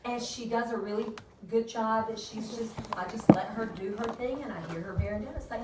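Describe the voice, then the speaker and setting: Talking a little fast with hardly any pauses, a woman with a voice on the high side shares a birth story with fellow midwives at a peer review. She's chatty and laughs frequently, and the room recording sounds roomy, distant and noisy.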